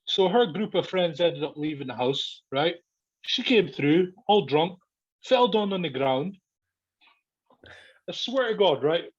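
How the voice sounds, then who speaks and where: A man's voice: a little high, expressive, a little slow, pauses often, breathy edge. A man, a podcast guest telling a story in casual chat, swearing a lot, laughing and acting out what people said. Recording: dull lo-fi podcast audio.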